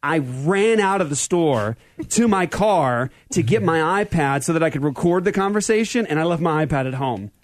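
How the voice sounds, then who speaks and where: Male co-host, high pitch, dry close sound, animated storyteller who laughs a lot. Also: normal speed, dry recording. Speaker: radio show host. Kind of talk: casual chat.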